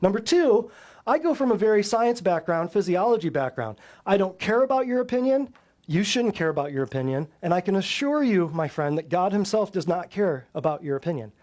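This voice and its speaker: A man with a notably high speaking voice lectures a live audience as host of a natural health show. He talks bluntly and combatively, pressing his points with one rhetorical question after another. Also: big pitch swings, brisk, darkish tone. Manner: emphatic, fires rhetorical questions at listeners.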